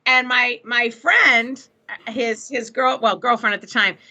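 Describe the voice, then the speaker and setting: A middle-aged woman, a guest on a podcast, chatting casually and telling animated stories with frequent laughs. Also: fairly high pitch, a little slow. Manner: animated storyteller, laughs often.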